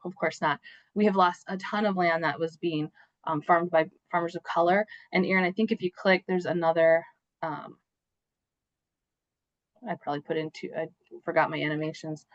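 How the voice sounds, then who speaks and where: Hoarse woman, webinar presenter, low voice, dull dry video-call sound. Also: no room sound. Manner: conversational, with frequent fillers and "right?" asides. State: losing her voice, clearing her throat.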